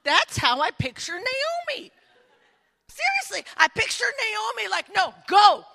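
A woman preaching an animated sermon, acting out scenes and talking straight to her audience. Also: very high voice, measured pace, creaky. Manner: dramatic, acts out scenes, addresses audience directly. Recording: echoey hall.

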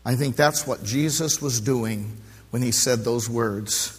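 Husky middle-aged pastor preaching in a church. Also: male voice, takes it slowly. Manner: impassioned, swinging between loud emphatic peaks and hushed low passages. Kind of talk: sermon. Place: church sanctuary during a service. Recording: long reverb of a large church hall.

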